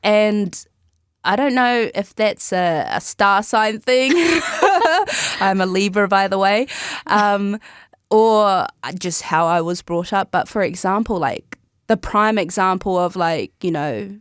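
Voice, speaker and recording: A woman's voice: medium pitch, lively intonation, slow, clear, resonant tone, no room sound, clean studio sound. A young woman, telling stories as a podcast guest in a chatty way and often laughing mid-sentence. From New Zealand. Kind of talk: casual interview chat.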